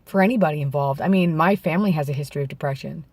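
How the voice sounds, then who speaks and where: Man, gravelly and a bit hoarse, candid vlog talk, reflective and halting, dry close sound. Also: on the high side, dry recording. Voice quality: gravelly, slightly worn voice from vocal nodes. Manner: reflective and halting, with restarts and self-corrections. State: hoarse from throat clearing. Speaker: vlogger. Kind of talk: candid personal talk to camera. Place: outdoors in bright daylight.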